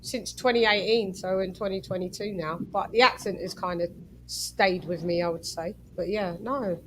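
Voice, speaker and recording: A woman's voice: medium pitch, steady tone, moderate pace, noisy background. A woman from West London with a London accent, hosting a casual talk panel and chatting with lots of restarts and "you know"s. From West London, England. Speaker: host of an online talk panel. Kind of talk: casual chat.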